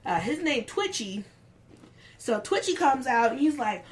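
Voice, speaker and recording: Slow, high-voiced woman telling a story. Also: sing-song, a little hiss or hum. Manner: unhurried, acts out the quotes of others with raised voices. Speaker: guest telling a work story. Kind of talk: casual storytelling chat.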